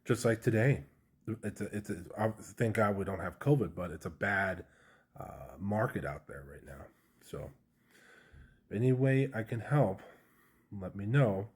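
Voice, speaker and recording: A man's voice: fairly low pitch, lively intonation, unhurried, pauses often, a little mellow, husky. A man casually telling a personal story to camera, candid and chatty, with slang and lots of fillers. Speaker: vlogger sharing a personal story.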